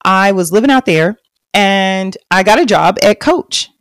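A woman's voice: mid-range voice, a little slow, smooth, no echo, studio quality. A woman, hosting a podcast and telling her own story in a chatty, confiding way. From Texas. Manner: chatty and confiding, lively and loud when bragging, hushed and reflective later. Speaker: podcast host. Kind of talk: personal storytelling monologue.

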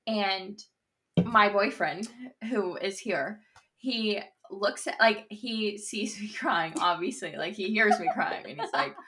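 A woman's voice: mid-range voice, slow pace, fairly bright tone. A young woman co-hosting a podcast, telling a story in a chatty, rambling way full of "like". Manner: chatty storyteller, heavy use of "like". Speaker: podcast co-host. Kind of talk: casual chat. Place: in Nashville, indoors.

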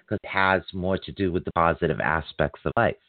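A man hosting a live call-in psychic reading show, chatty and quick to laugh. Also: low voice, no room sound. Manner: chatty, warm-toned addresses, laughs often. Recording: dry tinny phone-line sound.

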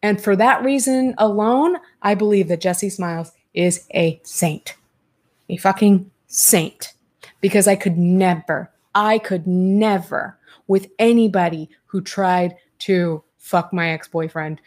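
A woman hosting a casual commentary chat, reading viewer comments aloud and talking bluntly, with swearing and quick restarts. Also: mid-range voice, darkish tone. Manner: quick, talkative, many restarts.

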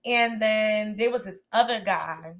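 A woman's voice: mid-range voice, a little slow. A young woman co-hosting a podcast, telling a story in casual chat and laughing often. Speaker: podcast co-host.

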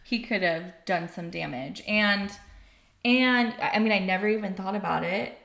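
A woman candidly telling a painful personal story, animated and emotional, acting out what others said. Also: mid-range voice, moderate pace, gravelly. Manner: emotional, animated, acts out quoted voices. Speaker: podcast guest telling her story. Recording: roomy echo.

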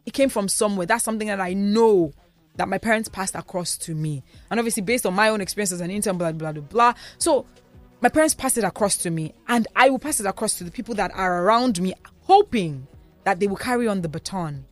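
A woman's voice: medium pitch, quick pace, no echo, soft background music. A woman with a Nigerian accent co-hosting a radio show from the studio, chatting casually and telling stories with many asides. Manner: animated storyteller, lots of asides and fillers. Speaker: radio co-host.

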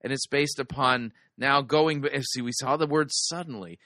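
A man's voice: medium pitch, normal speed, pushed and bright, dry recording. A man hosting a sermon review, giving dry, wisecracking critical commentary on a preacher's clip.

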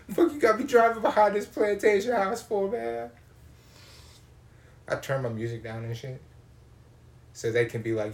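A man telling a comic story, animated and swearing freely, acting out the people he meets. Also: high-pitched, normal speed, vocal fry, pauses often. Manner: animated, swears a lot, acts out voices. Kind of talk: profane comedic storytelling.

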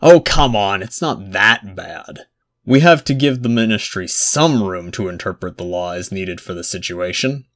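A man's voice: sits low, expressive, normal speed, fairly bright tone. A man voicing a smug pushy lord. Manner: smug, insistent.

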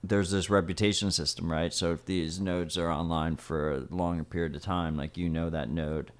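Deep-voiced chatty podcast co-host man. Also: little pitch movement, normal speed. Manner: chatty, explains with "like" and "right?". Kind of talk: casual chat.

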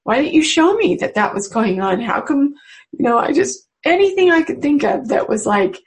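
A woman, a mother, speaking to a webinar audience in a personal spiritual talk, earnest and confiding, with unhurried pauses. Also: high voice, sing-song, poor audio. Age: adult mother. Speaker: webinar presenter.

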